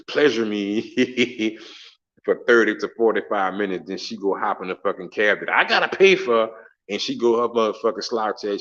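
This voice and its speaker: A man's voice: lowish voice, fairly bright tone, dull audio. A middle-aged man from the States, telling stories in a profane, slangy, laughing way in a casual monologue. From Southern United States. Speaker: travel vlogger.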